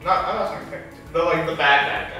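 A bright, slightly higher-voiced young man chats loosely on a student podcast, jumping between thoughts and leaving sentences hanging. He sounds set back from the mic in a very echoey room, with soft music underneath. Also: quick pace, far from the mic. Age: young adult. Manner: chatty, animated, trails off mid-sentence. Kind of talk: casual chat.

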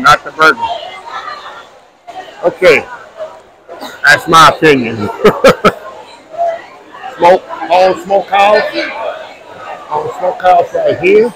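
Man, food vlogger, slightly high voice, chatty, filmed on a phone among a loud crowd. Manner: chatty, addresses viewers as y'all. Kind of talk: casual walking vlog narration. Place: outdoor rodeo food tents in a crowd. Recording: busy crowd noise around.

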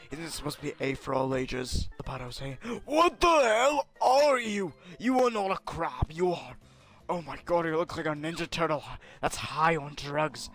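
Man doing gravelly hot-headed Vegeta. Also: fairly high pitch, fairly bright tone. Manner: brash and insulting, yelping in panic. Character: arrogant proud alien prince warrior, adult male, hot-tempered. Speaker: game player. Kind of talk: comedic let's-play voice parody.

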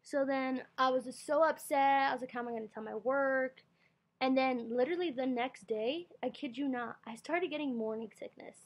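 In a high voice at a moderate pace, a young adult woman chats through a rambling storytime vlog. She uses her computer's built-in webcam mic, and her talk is full of fillers and quoted self-talk.

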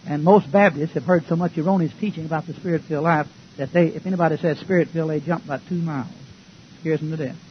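At a quick pace and with fairly even intonation, a male pastor with a slightly high voice preaches in a folksy, emphatic style, challenging the congregation with rhetorical questions. The dull, lo-fi recording has a faint hiss.

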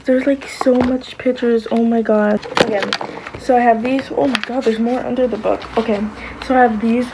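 A woman's voice: fairly high pitch, steady tone, normal speed, noisy background. A young woman vlogging casually, gushing and exclaiming, sometimes dropping to a whisper. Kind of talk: casual reaction vlog.

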